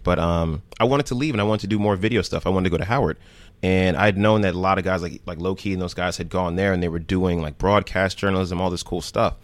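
Low-voiced and fast-talking, this podcast guest from New Jersey shares casual stories, bringing them to life by performing the dialogue of the characters. The recording is dry and he stays animated throughout.

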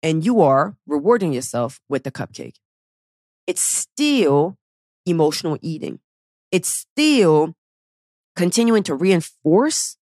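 A woman podcast host giving blunt, profane, animated coaching talk, acting out the inner voices of her listeners. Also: low voice, dry recording, clean studio sound. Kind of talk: weight-loss coaching talk.

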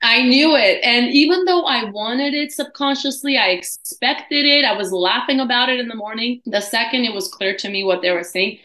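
A woman's voice: normal speed, hardly any pauses. A woman guest telling a personal story in casual conversation, acting out the voices of the people she quotes. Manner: animated, acts out quoted dialogue with pitch jumps. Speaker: guest, cosmetics founder. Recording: roomy echo.

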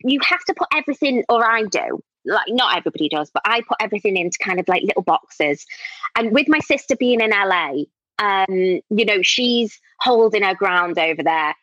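A woman's voice: mid-range voice, lively intonation, moderate pace, fairly bright tone, no echo, highs cut off. A woman in her thirties with a northern English accent touched by Scouse, chatting openly as an actor in an interview and laughing often. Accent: northern English, Scouse-tinged. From northern England. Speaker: actor and podcast guest. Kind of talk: casual interview chat.

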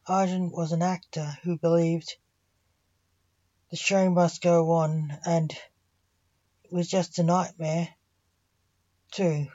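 A woman reading a story aloud in a slow, even storytelling manner. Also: fairly low pitch, dull audio.

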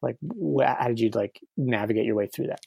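A reflective speaker in casual conversation who uses many fillers and pauses to find the right words. The voice is gravelly with vocal fry at a middle pitch, recorded close and dry. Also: darkish tone, dry recording.

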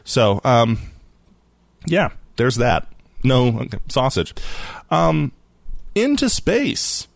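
A man co-hosting a casual tech news podcast, jokey and animated, often laughing. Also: mid-range voice, takes it slowly, gravelly, long pauses, no echo. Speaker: podcast co-host.

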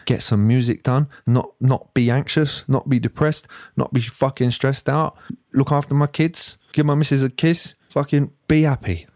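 A man's voice: medium pitch, a little mellow, no room sound. Exasperated man ranting, dry sound. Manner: swearing, exasperated, slangy; stutters and restarts when worked up. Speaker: podcast host. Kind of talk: solo podcast rant.

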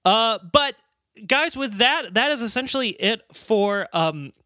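A man's voice: very high-pitched, expressive, unhurried, sharp tone, dry recording, studio quality. A man co-hosting a casual podcast, joking around and laughing, then wrapping up the episode. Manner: jokey, chuckling, sign-off patter. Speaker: podcast co-host.

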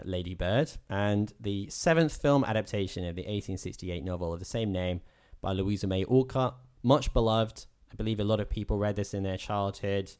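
A man's voice: fairly low pitch, darkish tone, clean tone. A man co-hosting a casual film-review podcast, riffing jokily with frequent laughs and casual swearing. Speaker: podcast co-host.

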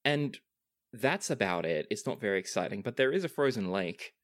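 Deep-voiced man running a tabletop game. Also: big pitch swings, moderate pace, dry recording, clean studio sound. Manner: easygoing, filler-laced narration. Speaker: game master.

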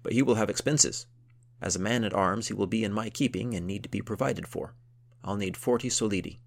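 Blustering boastful count, done by a man, gravelly low voice, husky edge. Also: brisk. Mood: haughty. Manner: loud, blustering, grandly boastful. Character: boastful hot-tempered male warrior count.

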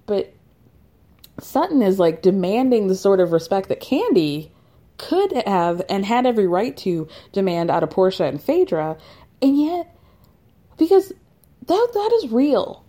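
Chatty, foul-mouthed woman with a mellow voice. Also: medium pitch, big pitch swings, unhurried. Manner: chatty, profane, laughs while retelling. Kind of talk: casual reality-TV recap.

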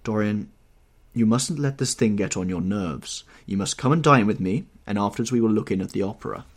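Man reading a smooth-talking cynical aristocrat, low husky voice, offhand drawl. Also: brisk. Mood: urbane. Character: worldly, cynical aristocratic English gentleman. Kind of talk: audiobook character reading.

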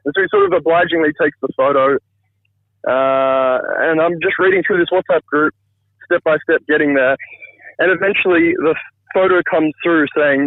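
A man in his thirties tells a family anecdote down the line in an easy, self-mocking way. His voice sits a little high and comes through thin and phone-like, with no room sound at all. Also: moderate pace, dry recording. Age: 30s. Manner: self-deprecating, chatty, fond of his parents. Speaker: caller telling a viral story. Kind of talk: casual phone storytelling. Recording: tinny phone line, dry.

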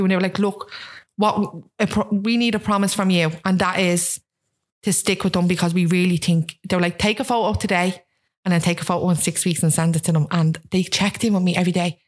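This fast-talking guest of roughly thirty has a fairly low-pitched voice. She chats casually and with animation, regularly acting out the quoted voices of others.

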